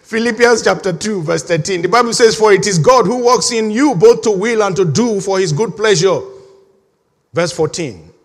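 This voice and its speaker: A man preaching a sermon as pastor, animated, laughing often and leading the congregation in reading together. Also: high-pitched, normal speed. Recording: long hall reverb.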